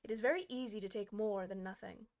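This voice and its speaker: A woman's voice: medium pitch, fast talker, darkish tone, close to an everyday voice. A woman voicing a rude, quarrelsome man who talks in a snippy, smug way. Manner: snippy and triumphant.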